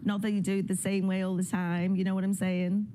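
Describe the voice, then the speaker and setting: Lively woman accent coach, warm low voice. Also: fairly quick, slight background noise. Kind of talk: TV studio interview.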